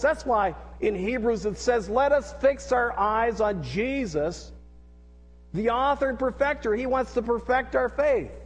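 A middle-aged pastor, his voice pitched high for a man, preaches a sermon full of earnest repetition and call-and-response. Every phrase trails off into the long echo of a big hall.

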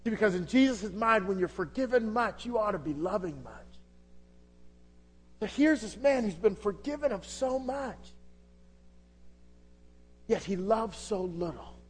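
A man delivering a sermon in a notably high voice. He preaches with passion, drops to a hush, then builds again. He asks rhetorical questions all along. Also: animated, a little slow, long pauses, slightly rough. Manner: impassioned, rhetorical questions, swings from loud to hushed. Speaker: pastor.

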